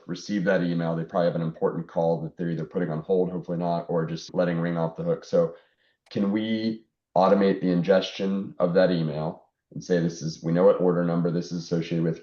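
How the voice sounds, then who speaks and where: A man on a webinar panel, explaining step by step in a thoughtful, steady way with fillers, on dull, echoey audio. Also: low voice. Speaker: panelist, technology and forwarding executive.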